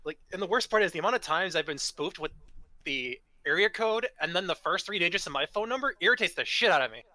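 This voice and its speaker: A man cracking quick sarcastic remarks in a casual podcast chat. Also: sits high, expressive, sharp tone, dry recording.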